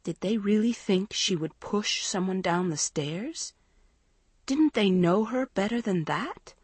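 A woman narrating a storybook in a measured, dramatic way. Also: mid-range voice, breathy edge, dry recording. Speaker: audiobook narrator.

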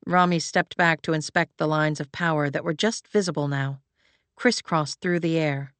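A woman reading fantasy fiction aloud as an audiobook narrator, in an even, measured way. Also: low voice, clean tone, no echo.

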